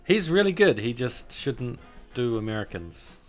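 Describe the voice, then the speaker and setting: A man's voice: mid-range voice, big pitch swings, measured pace, faint music behind. Dry-joking podcast man. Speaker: podcast co-host. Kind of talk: casual chat.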